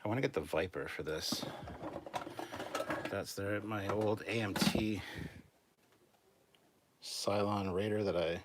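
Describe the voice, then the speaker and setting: A man hosting a casual livestream show-and-tell from a room at home, talking in a relaxed, rambling, self-deprecating way. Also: lowish voice, slow, pauses often, very noisy. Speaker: channel host. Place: upstairs room at home filled with collectibles.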